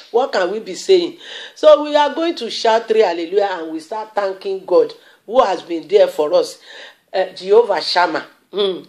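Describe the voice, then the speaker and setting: A woman's voice: mid-range voice, a little mellow. A woman pastor with a Nigerian accent preaching a sermon, repeating phrases emphatically with bursts of exclamation and dramatic storytelling. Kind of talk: sermon with prayer.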